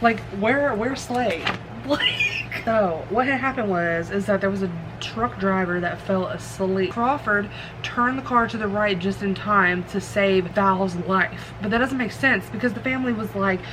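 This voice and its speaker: A young woman talking casually about a book she's reading, rambling and excitable, swearing now and then. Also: mid-range voice, unhurried, background noise. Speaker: book vlogger. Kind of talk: casual chat. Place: car, for the ending.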